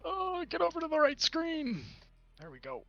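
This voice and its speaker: A man's voice: very high voice, huge pitch swings, moderate pace, creaky, no echo, muffled recording, faint music behind. A man playing a tabletop role-playing game, talking bluntly and casually, a bit crude. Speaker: player.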